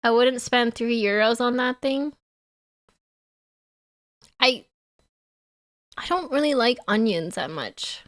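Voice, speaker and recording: A woman's voice: a little high, expressive, takes it slowly, pauses often, a bit bright. A woman from Canada, giving playful live-stream reaction commentary and teasing her chat.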